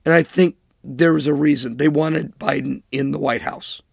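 A man's voice: fairly high pitch, fairly even intonation, normal speed, creaky, breathy edge, dry recording. A man hosting a political commentary show, talking in an emphatic, sarcastic monologue and mocking with air quotes. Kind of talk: opinionated monologue.

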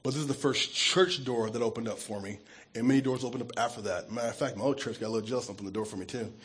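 A man who is a pastor, giving an earnest and emotional testimony sermon, his voice dropping soft when he is moved. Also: medium pitch, rapid-fire, background noise.

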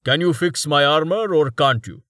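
A man's voice: a little high, normal speed, fairly bright tone, no room sound, clean studio sound, voice pushed up, natural voice. A man voicing an arrogant bald male fighter who snaps at people and talks down to them. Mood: smug. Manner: snappish and condescending. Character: arrogant bald male brawler, brash and rude.

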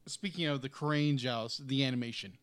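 A man gushing about a film in a casual review chat, often restarting mid-thought while he hunts for the right word. His voice sits at a middle pitch. The recording is dry and close, with no room sound. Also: moderate pace, fairly bright tone, smooth, no room sound. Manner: enthusiastic, gushing, searches for words with many restarts. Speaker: movie review co-host.

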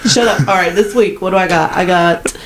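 A woman's voice: on the low side, a little fast, heavy background noise. A woman co-hosting a podcast, laughing often and playfully scolding her partner. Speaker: podcast co-host. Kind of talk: casual podcast banter.

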